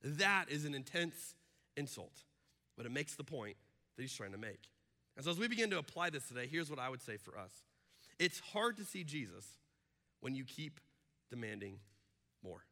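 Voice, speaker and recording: A man preaching a sermon as pastor, animated and acting out the voices he quotes. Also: medium pitch, moderate pace, pauses often. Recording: long hall reverb.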